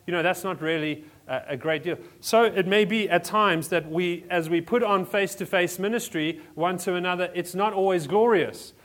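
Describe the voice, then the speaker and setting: A man from South Africa, pitched a little high, preaches a sermon to his church. He talks casually, stumbles into restarts and fills pauses with "um" and "uh". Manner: conversational, restarts often, many fillers. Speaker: pastor.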